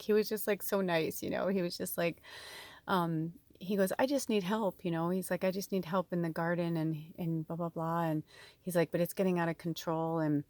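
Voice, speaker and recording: A woman telling a personal story to her viewers in a chatty, emotional way, full of quoted dialogue. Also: sits low. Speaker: tarot reader and spiritual medium. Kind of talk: casual storytelling to camera.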